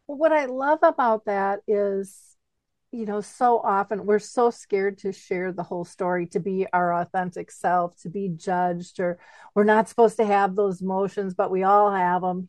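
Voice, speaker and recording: A woman hosts an interview in a bright, chatty manner and laughs often. Her voice sits at a middle pitch and is recorded dry, with no room sound. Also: a little slow, dry recording. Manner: animated, chatty, laughs easily. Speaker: host. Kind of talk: interview conversation.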